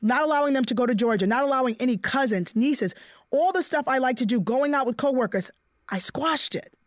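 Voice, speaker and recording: A middle-aged woman telling a personal story in casual chat, animated and acting out the voices of the people she quotes. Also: high voice, fairly quick, no echo, clean studio sound. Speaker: guest sharing a personal story.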